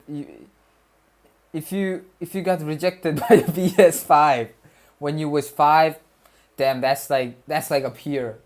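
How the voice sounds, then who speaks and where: A man's voice: mid-range voice, a little mellow. A young man, a student streamer, chatting casually with his viewers, rambling, repeating himself and joking in slang. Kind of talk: casual livestream chat with viewers.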